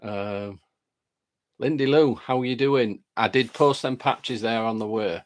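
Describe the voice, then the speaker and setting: A man's voice: medium pitch, unhurried. A man hosting a live stream, chatting casually and greeting viewers by name while reading their comments aloud, with a lingering chest cold.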